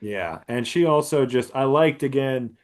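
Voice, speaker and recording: A man's voice: medium pitch, unhurried. A man co-hosting a podcast, talking casually about a film and rambling with lots of filler words. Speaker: podcast co-host. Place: podcast studio.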